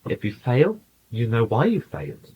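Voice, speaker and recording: A man in a channeling session, speaking in a calm, patient, coaching way and telling anecdotes to a small group. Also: medium pitch, moderate pace, husky, dull audio. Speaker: channeler giving spiritual counsel. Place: small room with a group present.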